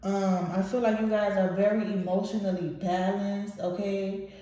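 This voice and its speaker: A woman reads tarot for her viewers in a very echoey room. She talks casually and bluntly, swears freely, and gets openly emotional. Her voice sits at a middle pitch. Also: level tone, moderate pace, mellow. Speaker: tarot reader.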